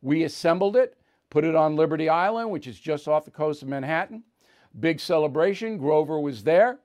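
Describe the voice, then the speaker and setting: A man's voice: a little high, animated, moderate pace, darkish tone. A man hosting a talk show, reading listener mail and answering with blunt, opinionated retorts.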